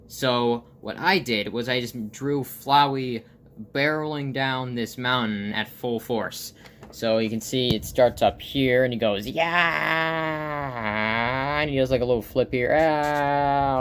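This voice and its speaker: Raspy male vlogger, rambling show-and-tell, ordinary pitch, faint background hiss. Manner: rambling, many fillers and restarts. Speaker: comic artist and vlogger.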